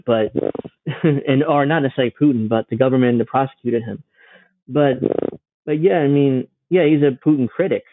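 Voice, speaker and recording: A man's voice: mid-range voice, no echo. A man giving casual, sarcastic reaction commentary on a news clip, mocking and swearing freely. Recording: dry, phone-like narrow sound.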